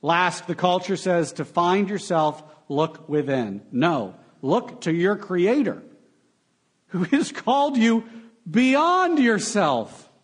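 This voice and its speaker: A young adult man preaching a sermon, animated and full of sarcastic asides. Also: sits high, takes it slowly, husky. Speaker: pastor.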